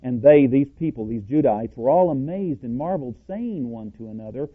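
A man's voice: mid-range voice, lively intonation, brisk, hardly any pauses, slightly rough. Plain-spoken man preaching over tinny audio. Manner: emphatic, quizzes listeners with rhetorical questions; self-described cowboy, plain-spoken. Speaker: Bible teacher. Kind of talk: scripture-based sermon teaching.

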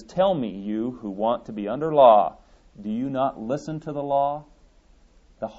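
A man's voice: lowish voice, darkish tone. A man preaching a sermon, emphatic and repeating his key points, reading scripture aloud as he argues. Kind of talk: sermon teaching from a recorded tape. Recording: dull lo-fi tape recording.

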